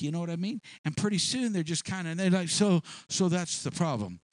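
A man's voice: fairly high pitch, no echo. A man preaching a sermon, telling a story and acting out small scenes in changing voices.

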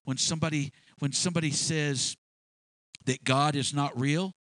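A male preacher giving a sermon, retelling a story in an animated way with many restarts and repeated words. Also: fairly high pitch, normal speed, no room sound.

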